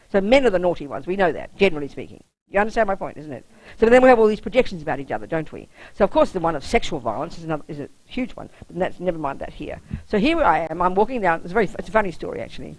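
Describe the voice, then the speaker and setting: A Buddhist nun gives a public dharma talk in a fairly low voice, telling a personal story bluntly and often checking that listeners follow. The recording is low quality with no room sound.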